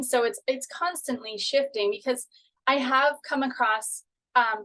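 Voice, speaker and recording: A woman's voice: on the high side, low-quality recording. Chatty woman coaching a live workshop. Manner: chatty, encouraging, lots of "you know" and "okay". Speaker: manifestation coach. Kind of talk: live online workshop talk.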